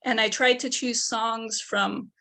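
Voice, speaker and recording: A woman's voice: a little high, steady tone, slow, vocal fry, sharp tone. A young woman presenting her undergraduate research, methodically explaining each step of her work. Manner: methodical, explaining steps one by one.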